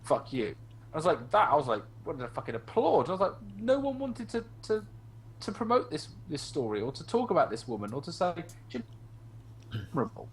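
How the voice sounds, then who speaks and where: A man's voice: a little high, big pitch swings, brisk, a little hiss or hum. A man in a casual online group discussion, talking heatedly with swearing and mocking the voices of people he argues against. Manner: heated, profane, mimics opponents in mocking voices.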